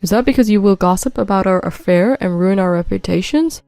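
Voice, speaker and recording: A woman's voice: medium pitch, a little fast, mellow, no echo, soft background music, natural voice. A woman voicing a cheating husband who begs and insists, in a narrated story. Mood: defensive. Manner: begging, insistent. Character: pleading cheating husband, adult man.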